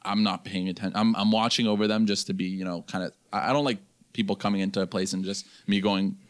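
Young man, low smooth voice, casual animated storyteller. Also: fast. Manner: animated, acts out quotes in a higher voice. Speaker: podcast guest telling a story.

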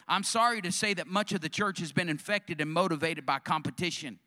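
A man's voice: on the high side, brisk, few pauses, bright, forceful tone. A male pastor preaching a sermon, calling out questions to the congregation.

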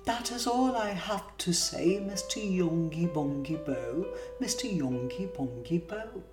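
A woman's voice: fairly low pitch, expressive, unhurried. A woman reading as the prim Lady Jingly. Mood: firmly kind. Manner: sing-song recited verse. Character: prim lady, kindly but firm in refusal. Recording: roomy distant mic with guitar music.

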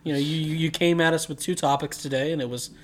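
A man's voice: on the high side, fairly even intonation, fast. A young man co-hosting a casual podcast chat, teasing his friends and laughing through his stories. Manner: teasing, mocking storyteller who laughs mid-sentence. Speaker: podcast co-host.

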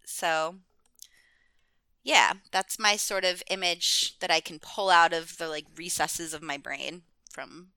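Bright, clear-voiced woman rambling casually. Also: on the low side, steady tone, slow pace, dry recording. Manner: rambling, many "like"s, frequent laughs. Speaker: podcast guest. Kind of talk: casual chat.

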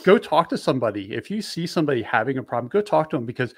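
A man's voice: medium pitch, big pitch swings, very fast, husky, no room sound, clean studio sound. A man who is a firearms dealer, talking in a casual, rambling way in a podcast conversation and often correcting himself.

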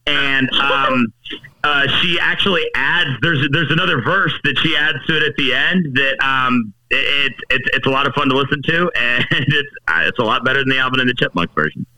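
A man chatting casually on a podcast, rambling in a laid-back way with "like" and "uh." His voice is very bright and sharp. He sounds distant from the mic. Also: medium pitch, normal speed. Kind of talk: casual chat.

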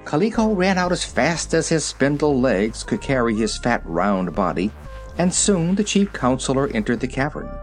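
A man reads a storybook aloud, his voice rising and falling with animation. Soft music plays faintly beneath the narration. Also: medium pitch, normal speed. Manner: expressive, animated reading. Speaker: reader.

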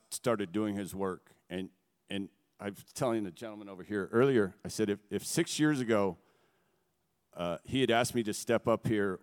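A middle-aged man with a low, smooth, resonant voice tells his story in an earnest, halting way. His words ring out through a big hall, trailing a long echo behind them. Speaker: guest speaker. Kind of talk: personal testimony. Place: on a stage before a gathering.

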